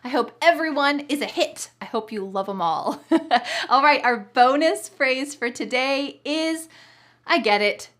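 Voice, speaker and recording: An American woman teaching an online English lesson, speaking clearly and cheerfully, laughing often and acting out tones of voice in her examples. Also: high-pitched, unhurried, a bit bright.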